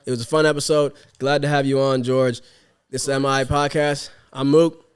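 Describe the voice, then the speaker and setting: A man's voice: mid-range voice, brisk, clear, resonant tone. A young man hosting a podcast, telling a story in casual slangy chat and acting out the people he quotes. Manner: animated, slangy, acts out quotes in other voices. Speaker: podcast host.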